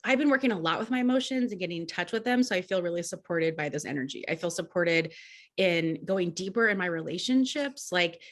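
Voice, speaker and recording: A woman's voice: lowish voice, lively intonation, fairly quick. Talkative woman podcast co-host. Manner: chatty, talkative, many "like"s and restarts. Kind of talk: casual chat about astrology.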